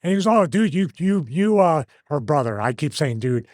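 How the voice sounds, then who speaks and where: A man in his fifties, a show host, telling a story in a casual, animated way and acting out the lines he quotes. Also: fairly high pitch, normal speed, no room sound, clean studio sound. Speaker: host, former wrestler.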